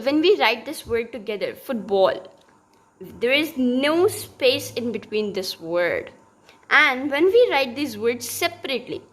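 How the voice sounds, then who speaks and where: A woman's voice: sits high, a bit bright. A young woman giving a recorded linguistics lesson, explaining step by step with many fillers and restarts. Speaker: teacher.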